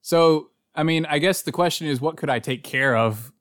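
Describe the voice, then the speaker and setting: A man's voice: a little high, moderate pace, fairly bright tone, dry recording, clean studio sound. A man chatting casually with friends, telling crude stories and laughing often. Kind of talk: casual chat among friends.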